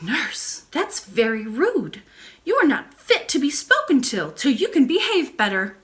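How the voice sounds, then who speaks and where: A woman voicing an earnest little girl princess who pleads and speaks up high. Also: sing-song, a little slow, fairly bright tone, full character voice.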